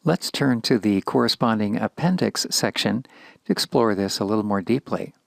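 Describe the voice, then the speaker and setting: A man giving a slow, measured grammar lesson in a recorded lecture. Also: fairly low pitch, lively intonation, creaky, no room sound. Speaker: Hebrew teacher.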